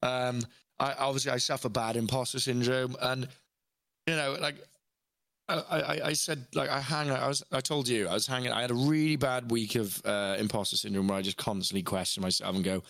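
A man's voice: mid-range voice, steady tone, a little fast, vocal fry, fairly bright tone, no echo, clean studio sound. A man guesting on a podcast, talking candidly in a rambling, self-questioning way with frequent restarts.

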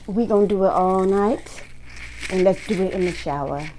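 A woman's voice: mid-range voice, moderate pace, mellow, a little hiss or hum, poor audio. A woman doing a casual tarot reading, talking bluntly to her viewers and swearing freely. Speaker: tarot reader.

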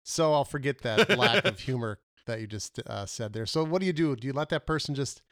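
A man co-hosting a casual comedy podcast, telling animated stories with laughs and fillers. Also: medium pitch, fairly quick, no echo, clean studio sound. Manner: animated storyteller, laughs often, trails off with fillers. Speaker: podcast co-host.

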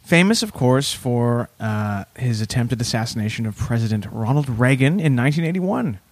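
Animated man co-hosting a comedy podcast. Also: mid-range voice, normal speed, no room sound. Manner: animated, laughs often. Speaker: podcast co-host. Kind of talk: casual comedy chat. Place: office warehouse room.

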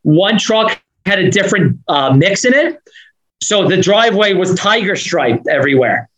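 A man with a Northeastern US accent talks fast and with energy as a podcast guest. His voice sits high, and his sentences run on into each other. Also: lively intonation, a bit bright, low-quality recording. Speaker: podcast guest, business owner. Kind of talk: fast casual interview talk.

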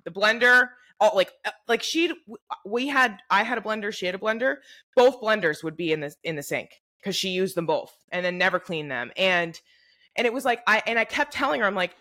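A young woman co-hosts a casual podcast, telling a story with plenty of swearing. Her voice is bright and forceful, and she acts out quotes with animated energy. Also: medium pitch, fairly quick. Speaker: podcast co-host. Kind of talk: casual chat.

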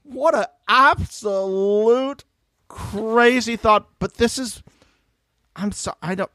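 A man's voice: high-pitched, slow pace, sharp tone, no room sound, clean studio sound. A man co-hosting a podcast, chatting casually about a reality show and mimicking people in jokey voices. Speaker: podcast co-host. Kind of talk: casual reality TV recap chat.

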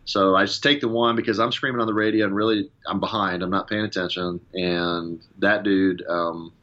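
A former fighter pilot telling a casual story in an interview, fast and animated, acting out radio calls as he goes. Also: low voice, dull audio.

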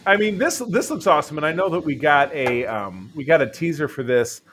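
A man's voice: a little high, lively intonation, brisk, fairly bright tone, a little hiss or hum. A man co-hosting a casual podcast chat, enthusiastic and rambling, often restarting his sentences. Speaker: podcast co-host.

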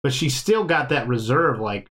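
A man's voice: medium pitch, animated, moderate pace, a bit bright. A man hosting a casual podcast chat, talking in a loose, rambling way and laughing often. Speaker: podcast host.

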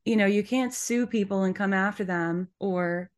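A woman co-hosting a podcast in casual chat, supportive and animated, laughing often. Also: medium pitch, normal speed. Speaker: podcast co-host.

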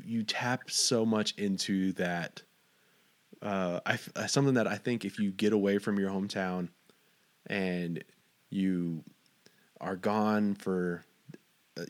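Low-voiced rambling male interviewer. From Fort Stockton, Texas. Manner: rambling, stumbling over words. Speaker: interviewer host. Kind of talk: casual interview.

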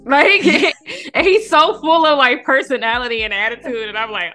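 Bright chatty woman host, lively storytelling, faint music behind. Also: on the high side, normal speed. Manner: chatty, animated storytelling with frequent laughs. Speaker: podcast host. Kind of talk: casual conversational interview.

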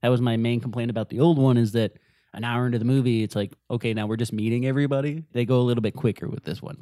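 A man co-hosting a casual movie chat, enthusiastic and quick to act out quotes. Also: medium pitch, steady tone, warm tone, dry recording, clean studio sound. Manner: enthusiastic, shares trivia, acts out quotes. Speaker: podcast co-host.

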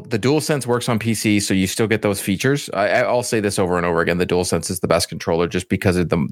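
A man's voice: fairly low pitch, no echo, clean studio sound. A man chatting casually about video games, rambling and repeating himself as he recommends titles. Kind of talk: casual gaming chat.

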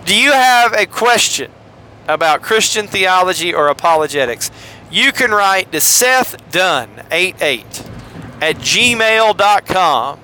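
A man's voice: high-pitched, lively intonation, takes it slowly, sharp tone, a little hiss or hum. A man hosting a solo podcast from a car, talking in a rambling, jokey way full of asides. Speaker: podcast host.

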